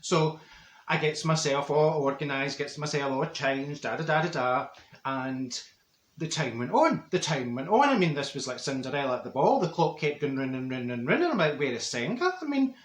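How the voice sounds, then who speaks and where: A man's voice: a little high, big pitch swings, moderate pace. A man playing a chatty Glasgow auntie. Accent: Glaswegian Scottish. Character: chatty middle-aged Glasgow woman, straight-talking gossip. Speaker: comedy character monologue. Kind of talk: comic storytelling to camera. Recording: roomy echo.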